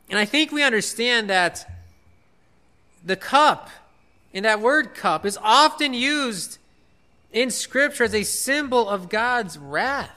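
A man's voice: high voice, lively intonation, a little slow, pushed and bright. A man preaching a sermon in an earnest way, repeating key phrases for emphasis.

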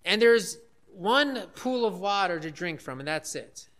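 High, bright-voiced earnest pastor. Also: male voice, animated. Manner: emphatic, earnest, with slowed stresses. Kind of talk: sermon.

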